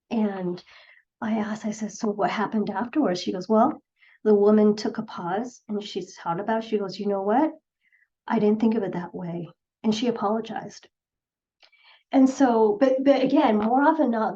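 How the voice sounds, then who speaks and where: A middle-aged woman psychologist giving an earnest presentation, retelling patient stories with quoted voices. Her voice sits at a middling pitch. The recording sounds slightly dull and lo-fi. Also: dark tone. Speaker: clinical psychologist speaker. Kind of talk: presentation talk.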